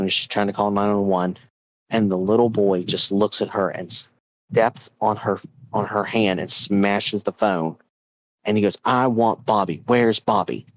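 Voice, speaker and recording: A low-voiced man telling a haunted-object story in a chatty, animated podcast style. He leans on casual filler words as he builds the tension. The recording is dry and close. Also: normal speed, no room sound, lo-fi sound. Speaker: podcast host.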